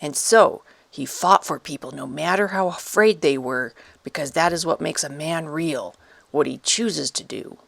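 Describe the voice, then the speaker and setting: A narrator voicing a gentle, battle-weary wooden puppet soldier who speaks in a light, raspy voice, slow and soft to children. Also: medium pitch, no echo.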